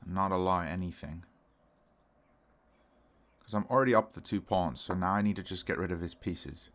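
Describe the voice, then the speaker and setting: A man's voice: low voice, normal speed, a bit bright. A man commenting casually on his own chess games, talking to his viewers as lads. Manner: chatty, calls viewers lads, prone to frustrated outbursts. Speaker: chess streamer.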